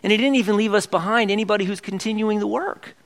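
High-voiced man preaching a conversational sermon. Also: quick pace, a bit bright. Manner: conversational preaching with rhetorical questions to the congregation. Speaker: pastor.

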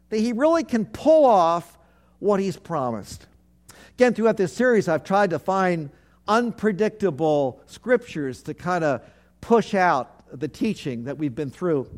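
A man, a pastor, preaching a sermon, leading his congregation to repeat phrases back, with earnest, repetitive emphasis. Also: sits high.

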